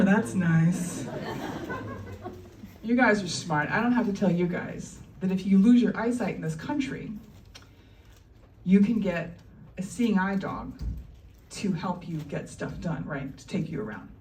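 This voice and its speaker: A woman's voice: on the high side, recorded from a distance, slight background noise. Wry woman comic on a roomy club stage. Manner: chatty, wry, laughing between lines. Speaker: stand-up comedian. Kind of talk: stand-up comedy set. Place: comedy club stage before a live audience. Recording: roomy live club recording, crowd and ambience behind.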